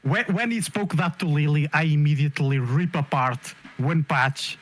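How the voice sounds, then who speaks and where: A man's voice: a little high, normal speed, slight background noise. A man playing a tabletop game, playful and a bit stumbling as he speaks. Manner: playful, stumbling, in-character asides. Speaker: player. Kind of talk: casual tabletop game chat.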